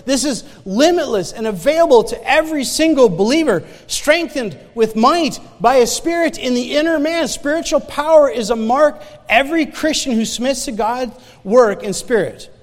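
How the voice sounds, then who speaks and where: A man with a notably high voice preaches a sermon, mixing scripture with his own testimony. He talks loosely, restarting and repeating phrases as he goes. His voice rings out with the long reverb of a large hall. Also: lively intonation, moderate pace. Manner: conversational, stammering restarts, repeats phrases for emphasis.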